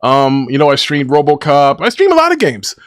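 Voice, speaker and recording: A man's voice: a little high, wildly swooping pitch, brisk, clear, resonant tone, no room sound, clean studio sound. A man hosting a casual gaming podcast, ranting and trash-talking with a boastful edge. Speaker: podcast host.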